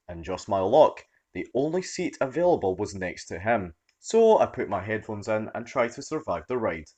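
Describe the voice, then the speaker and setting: A man reading a story aloud as its narrator, in an expressive storytelling manner. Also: mid-range voice. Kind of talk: scripted narration.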